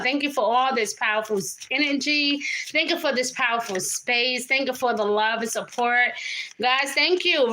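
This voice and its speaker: A woman's voice: high voice, sharp tone, a little hiss or hum, low-quality recording. A woman doing a live tarot reading, chatty and swearing casually, acting out little quotes. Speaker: tarot reader.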